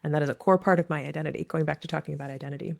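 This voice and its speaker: In a conversational interview, a female grief expert and author talks earnestly as a guest, using quoted examples to explain her work with grieving people. Her deep, creaky voice races along with fairly even intonation.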